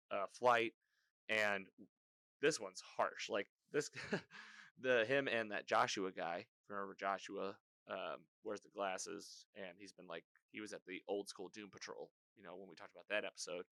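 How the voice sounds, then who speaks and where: Guy rambling thru a show recap, low bright voice, dry close mic. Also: no room sound. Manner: rambling, filler-heavy storytelling with quick voiced quotes. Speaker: podcast host. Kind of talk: casual recap chat.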